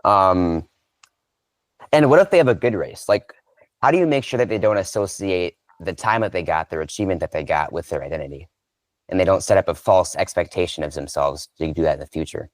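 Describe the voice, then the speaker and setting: A man with a very low voice hosts a podcast, affirming his guest and asking reflective questions in a loose, filler-laden way. The sound is dry and close, with no room around it. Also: fairly quick, no echo. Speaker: podcast host. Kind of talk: casual conversational interview.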